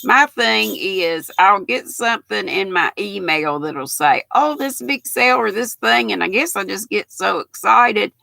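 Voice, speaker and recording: Chatty older woman, gravelly. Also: medium pitch, expressive, measured pace, hardly any pauses, no room sound. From United States. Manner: folksy, greets viewers by name, calls them honey and darling; chatty, rambling, with soft laughs. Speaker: host of a live knitting and crochet stream. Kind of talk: casual live-stream chat with viewers.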